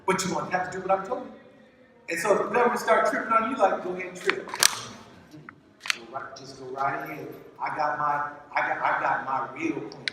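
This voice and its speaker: A man giving an animated motivational speech at a conference, calling out to the crowd and repeating phrases in a preacher-like way. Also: a little high, a little fast. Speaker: conference speaker. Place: large conference hall. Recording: echoey hall from far off, faint noise.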